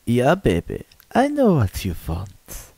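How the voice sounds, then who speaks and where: A man putting on a husky flirty woman. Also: mid-range voice, wildly swooping pitch, slow pace, a little mellow, no echo, full character voice. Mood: seductive. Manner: purring, seductive delivery.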